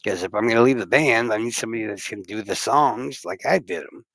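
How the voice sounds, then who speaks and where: A man's voice: lowish voice, fast talker, fairly bright tone, no echo, rough recording. A man streaming and chatting casually, rambling, swearing and acting out other people's reactions. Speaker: streamer and musician.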